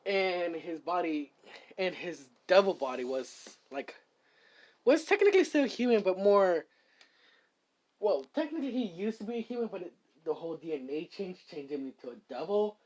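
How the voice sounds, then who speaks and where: Rambling fan storyteller, lively pitch. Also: normal speed. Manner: rambling, many fillers and restarts. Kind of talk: casual improvised fan story narration.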